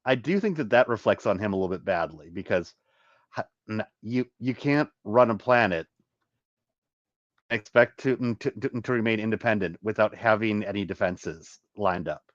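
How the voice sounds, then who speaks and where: Man talking haltingly on a dull call. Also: on the low side, no echo. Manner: halting, repeats words often. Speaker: podcast host. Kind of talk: casual online discussion. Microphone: video call. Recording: dull, dry online call audio.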